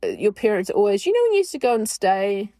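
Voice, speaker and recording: A woman hosting her own podcast, speaking in a personal, reflective monologue. She talks candidly and in a chatty way, often joking at her own expense. Her voice sits at an ordinary middle pitch. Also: sing-song, fast, mellow. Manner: candid, chatty, self-deprecating. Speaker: podcast host.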